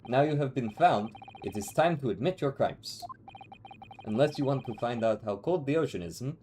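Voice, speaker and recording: A man's voice: lowish voice, animated, normal speed, dark tone, slight background noise, natural voice. A man putting on a stern, lightly Russian-accented interrogator. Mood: threatening.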